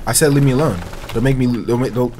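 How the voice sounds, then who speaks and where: A man's voice: medium pitch, fast talker, warm tone, slight background noise. A young man trash-talking and taunting opponents in casual commentary over online gameplay. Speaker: gaming streamer.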